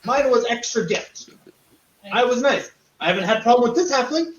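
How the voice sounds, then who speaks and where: A cranky goblin captain, put on by a man barks out clipped, profane demands in a pitch higher than ordinary talk. He sounds indignant and short-tempered. The sound is roomy and a little dull. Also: big pitch swings, normal speed, recorded from a distance. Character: testy foul-mouthed male goblin ship captain.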